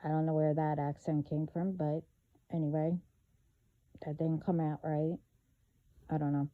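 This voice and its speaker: A woman vlogging in a casual monologue, talking haltingly with many fillers and trailing thoughts. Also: low voice, level tone, narrow, tinny audio.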